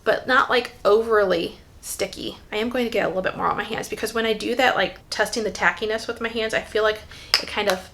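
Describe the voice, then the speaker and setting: A woman's voice: mid-range voice, fairly even intonation, quick pace, fairly bright tone. A woman chatting casually as she tries a hair gel on camera, thinking aloud with lots of fillers while she styles her hair. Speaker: hair care vlogger. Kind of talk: casual tutorial chat.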